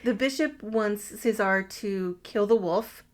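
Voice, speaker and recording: A woman's voice: mid-range voice, measured pace. Podcast co-host, woman, casual recap, wry and crude. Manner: summarizes the plot with wry, crude asides. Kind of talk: casual movie recap chat.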